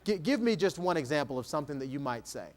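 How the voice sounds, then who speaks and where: On stage before an audience, a keynote speaker energetically coaches a volunteer during an interactive talk. His voice sits on the high side, fast and animated.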